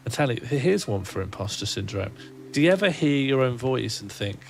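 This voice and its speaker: A man's voice: mid-range voice, very animated, normal speed, vocal fry, a little hiss or hum. A man, streaming a game and rambling wryly to himself and his chat. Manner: musing, rambling self-talk, wry. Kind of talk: casual gaming livestream chat.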